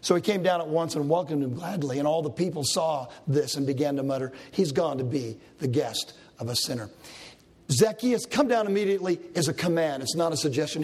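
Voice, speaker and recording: Husky-voiced male pastor preaching. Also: fairly high pitch, a little fast. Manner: animated storytelling, acts out Bible characters' lines. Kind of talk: sermon.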